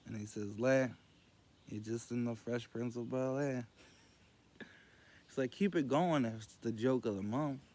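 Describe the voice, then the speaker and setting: A man telling rambling jokes in casual storytelling, meandering and loose as he quotes others in a low murmur. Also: measured pace, long pauses, a little mellow.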